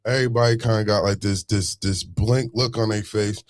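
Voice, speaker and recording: Animated slangy male storyteller. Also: fairly low pitch, normal speed, no echo. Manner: animated, street slang, repeats phrases, rants. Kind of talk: casual storytelling monologue.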